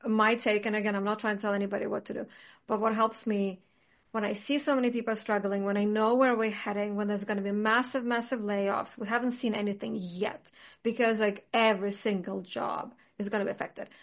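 A woman's voice: medium pitch, steady tone, brisk, highs cut off. A woman in casual conversation, talking earnestly and reflectively, with many "like" fillers. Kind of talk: casual chat.

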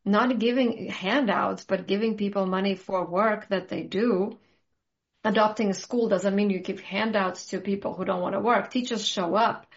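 A woman's voice: medium pitch, steady tone, moderate pace. Woman host ranting with fire, muffled lo-fi sound. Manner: passionate, ranting. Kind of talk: casual conversation. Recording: muffled lo-fi audio.

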